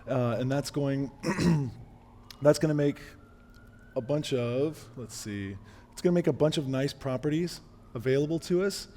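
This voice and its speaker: A man giving a casual live-coding talk at a meetup, losing his voice and clearing his throat, with fillers and restarts. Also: medium pitch, normal speed, warm tone. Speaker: meetup presenter. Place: meetup room.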